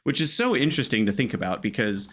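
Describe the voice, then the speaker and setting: A man's voice: mid-range voice, very animated, fast talker, a bit bright, husky. A man co-hosting a podcast in casual chat, articulate and analytical, prone to short tangents. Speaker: podcast co-host.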